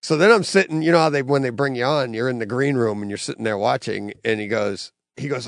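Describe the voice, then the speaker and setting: An energetic man telling stories in a casual chat, laughing often. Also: mid-range voice, fairly quick, creaky, few pauses, no echo, studio quality.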